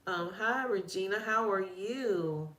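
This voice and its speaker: A woman's voice: medium pitch, slow pace, a bit bright, roomy sound. A woman with a Southern country accent, hosting a casual live-stream and chatting with viewers as she greets them one by one. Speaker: livestream host.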